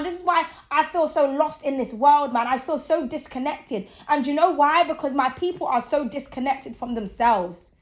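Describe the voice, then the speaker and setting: A woman in her thirties hosting her channel, ranting bluntly and profanely in a casual, preachy opinion talk. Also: sits high. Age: 30s. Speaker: channel host. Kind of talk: casual opinion rant to camera.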